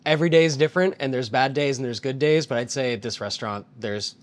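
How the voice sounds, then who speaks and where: Man, casual interview, relaxed rambling, lots of fillers, mid pitch. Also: fast.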